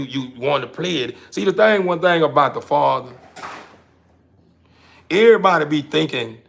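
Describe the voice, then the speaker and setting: A man hosting his own show, delivering a casual, emphatic monologue to the camera that he keeps repeating himself through, swinging between loud and quiet. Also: medium pitch, creaky, slight background noise.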